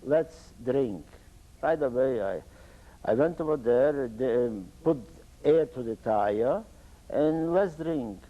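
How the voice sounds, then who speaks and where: An older Polish man with an Eastern Polish accent is interviewed for an oral history and tells his life story in halting, broken English. He often stops and restarts sentences, his voice is medium-pitched, and the sound is lo-fi.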